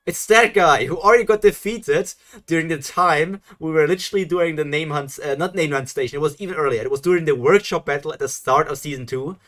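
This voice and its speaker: Young guy reading a webcomic live and reacting, kinda high voice, laughs a lot, trips over his words, faint music behind. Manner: excited, laughing, rambling with stumbles.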